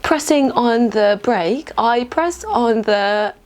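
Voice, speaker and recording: A woman's voice: animated, slow pace. A young woman from Palestine, hosting a casual vegan cooking video and telling stories with giggles. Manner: chatty, giggly, acts out relatives in high voices. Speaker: vegan cooking channel host. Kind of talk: casual cooking tutorial and storytelling.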